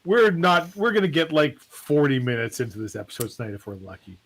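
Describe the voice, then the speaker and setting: A man's voice: on the high side, sing-song, fairly quick, fairly bright tone. A man co-hosting a casual livestream chat, joking and swearing in a playful way. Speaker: co-host.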